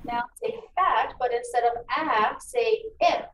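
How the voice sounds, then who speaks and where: A woman teacher giving a phonics lesson to children, encouraging and enunciating each sound clearly. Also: on the high side, a little slow, fairly bright tone. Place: meeting room. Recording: echoey room, distant mic, faint noise.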